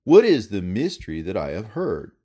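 A man's voice: on the low side, huge pitch swings, normal speed, mellow, breathy edge, heavily acted. A man voicing a hospitable, grave old male patriarch with a solemn, commanding manner.

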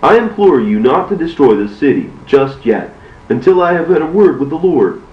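A man voicing a grieving old prophet, earnest and pleading, his pitch rising, in a roomy, distant recording. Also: very animated, normal speed, muffled recording.

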